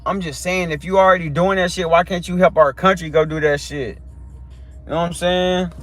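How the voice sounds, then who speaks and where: A man's voice: sits high, steady tone, brisk, fairly bright tone, faint music behind. A young man ranting in a preachy, heated live-stream monologue, full of street slang and repeated questions.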